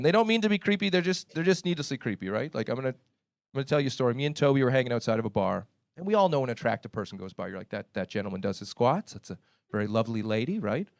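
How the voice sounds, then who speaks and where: A young Canadian man with a Canadian accent, performing a profane stand-up comedy set on a club stage. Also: medium pitch. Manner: brash, profane, laughing at own jokes.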